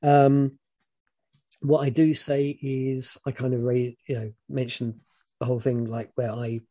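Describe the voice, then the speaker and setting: A British man chats through frank advice in a relaxed, rambling way, full of ums and restarts. His voice is mellow and warm at a middling pitch. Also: a little slow. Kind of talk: casual advice chat.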